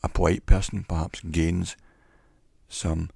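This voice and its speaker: A man giving an educational talk in a measured, reflective way, pausing often between phrases. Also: low voice, little pitch movement, creaky, darkish tone, slightly rough, no echo, clean studio sound. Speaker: teacher. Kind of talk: educational monologue.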